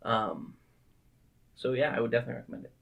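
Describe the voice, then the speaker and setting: A man with a bright, forceful voice talks loosely about a film he just watched. He swears freely and gets animated, and he drops into quick impressions when he quotes lines. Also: medium pitch, creaky. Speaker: movie podcast co-host. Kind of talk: casual chat.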